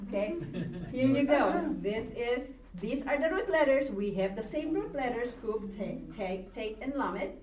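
A woman's voice: on the high side, animated, a little slow, hardly any pauses. A woman teaching a Hebrew grammar lesson to a class, patiently repeating words and prompting students to read along. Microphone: recorded from a distance. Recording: echoey room, distant mic, faint ambience.

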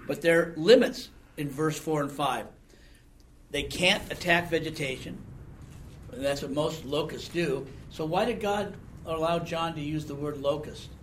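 A man's voice: a little high, measured pace, slight background noise. A man preaching a sermon, talking conversationally and asking the congregation questions with a frequent "okay?". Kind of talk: sermon Bible teaching.

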